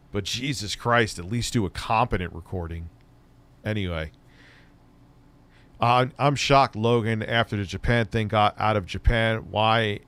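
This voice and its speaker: Casting: male streamer, lowish pitch, blunt sarcastic ranting, swears freely, a little stoned. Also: fairly bright tone. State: stoned, voice lower than usual. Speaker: streamer and tech commentator. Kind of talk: casual profane live-stream chat.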